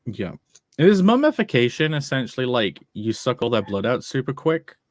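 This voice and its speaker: A man's voice: mid-range voice, big pitch swings, moderate pace, no room sound. A man chatting casually about a comic, enthusiastic and laughing often. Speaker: streamer discussing a comic. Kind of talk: casual chat.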